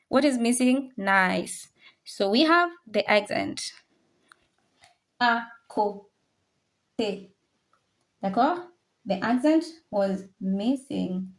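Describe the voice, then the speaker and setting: Slow, patient woman teaching French. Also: mid-range voice. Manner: patient, repeats each word slowly to drill pronunciation; mixes English, French and some Swahili phrases. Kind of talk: live online language class.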